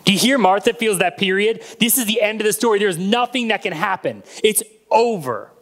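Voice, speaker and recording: High-voiced man preaching a sermon. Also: expressive, a little fast, fairly bright tone. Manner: storytelling preaching, acting out quoted voices. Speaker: pastor.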